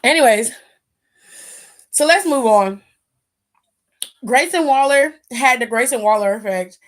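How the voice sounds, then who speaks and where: A high-pitched woman, hosting in a loose, opinionated chat. She talks bluntly and with sass, swearing freely. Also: a little slow. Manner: blunt, sassy, profane, animated. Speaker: wrestling aftershow host. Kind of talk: casual opinionated recap.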